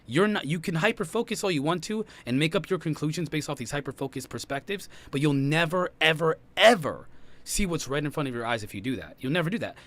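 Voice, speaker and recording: A man's voice: fairly high pitch, animated, a bit bright. A man hosting a podcast, arguing heatedly and repeating his points, with a British accent. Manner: fast, insistent, repeats himself. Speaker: podcast host. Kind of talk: heated debate.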